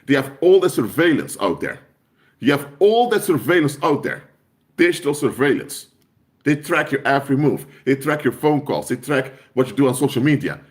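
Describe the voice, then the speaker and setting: A man's voice: mid-range voice, big pitch swings, moderate pace. A man preaching on a live stream in an impassioned way, hammering home points by repeating phrases. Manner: emphatic, repeats key phrases for force.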